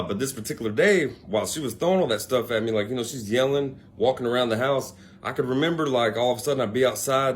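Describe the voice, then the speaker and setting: A man's voice: medium pitch, slight background noise. A young man casually telling a personal story to the camera, rambling with many fillers and asides. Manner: rambling, laid-back, lots of fillers and asides.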